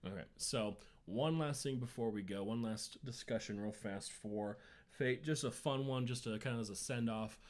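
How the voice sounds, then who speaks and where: A man's voice: medium pitch, moderate pace. A man co-hosting a casual podcast chat, rambling and ranting with lots of swearing. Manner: rambling, profane, emphatic rants. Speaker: podcast co-host.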